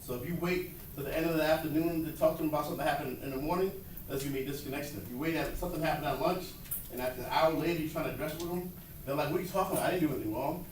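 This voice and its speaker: A man giving a lively talk to educators about students with ADHD, acting out what kids say, recorded from far off in an echoey, noisy room. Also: on the high side. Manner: fast, animated, acts out quotes. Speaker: speaker at a workshop on students with ADHD.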